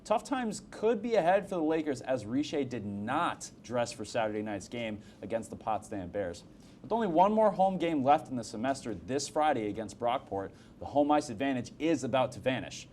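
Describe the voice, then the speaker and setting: A young man in his twenties co-hosting a campus sports highlights show with wry, teasing humor. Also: sing-song, normal speed, a little mellow, a little hiss or hum. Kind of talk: joking sports banter and news reading.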